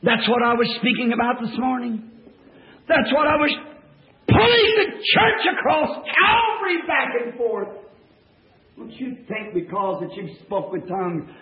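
A man preaching a fervent revival sermon to a church congregation, in folksy plain-spoken speech that swings from hushed tones to shouting. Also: sits high. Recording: echoey, dull old church tape.

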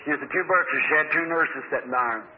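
A man preaching, telling a story in a folksy, drawn-out way that rises to high, excited peaks. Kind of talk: sermon storytelling. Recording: old phone-like lo-fi tape with faint hiss.

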